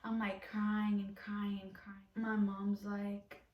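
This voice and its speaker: A woman's voice: mid-range voice, monotone, slow pace, distant mic, muffled recording. A young adult woman telling a personal story in a casual vlog, rambling with lots of fillers. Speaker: vlogger. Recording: roomy echo, off from mic.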